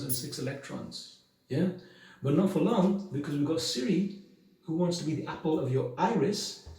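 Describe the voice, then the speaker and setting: A man's voice: on the high side, dark tone, recorded from a distance. A man talking straight to his viewers in an emphatic, preachy way, firing off rhetorical questions. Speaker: video blogger. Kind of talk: monologue to camera. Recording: very echoey room, voice from the mic.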